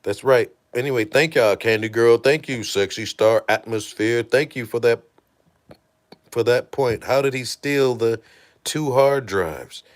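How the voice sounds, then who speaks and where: A man hosting a casual livestream, retelling events in an animated, profane storytelling manner and thanking viewers. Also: medium pitch, measured pace. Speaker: host.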